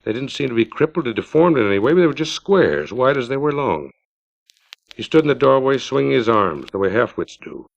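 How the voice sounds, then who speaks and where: A middle-aged man, the author, reads his own short story aloud in a steady, unhurried storytelling manner. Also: mid-range voice, vocal fry. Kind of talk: measured literary reading. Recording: dull lo-fi 1950s LP recording.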